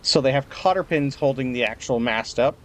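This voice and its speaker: A man narrating as game master of a tabletop game, explaining rules in a relaxed way with fillers. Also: mid-range voice, a little fast, a little hiss or hum.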